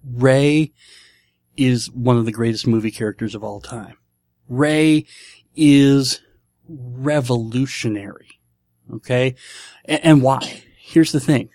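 A man's voice: medium pitch, slow pace, pauses often, darkish tone, no room sound. A man from Nebraska hosting a casual solo podcast, enthusiastic and rambling, often repeating himself. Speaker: podcast host.

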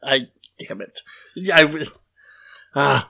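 A man's voice: medium pitch, slow pace, creaky, bright, forceful tone. Male podcast host, casual and rambling, self-deprecating. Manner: rambling, self-deprecating, lots of fillers and restarts.

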